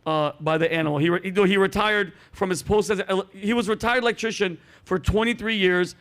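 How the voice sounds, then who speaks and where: A man hosting a comedy chat show, telling stories with animated delivery and acting out voices. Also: sits high, a little fast. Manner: animated storytelling, acts out voices.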